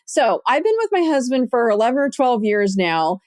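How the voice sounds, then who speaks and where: A middle-aged woman hosting a podcast, telling a personal story in casual, animated chat and jumping into a higher voice when she quotes people. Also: normal speed, no echo, clean studio sound. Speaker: podcast host.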